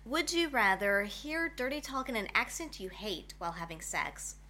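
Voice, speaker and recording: A woman's voice: fairly high pitch, big pitch swings, moderate pace, bright, forceful tone, a little hiss or hum. A woman co-hosting a casual chat, reading questions aloud, easygoing and giggly. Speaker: podcast co-host.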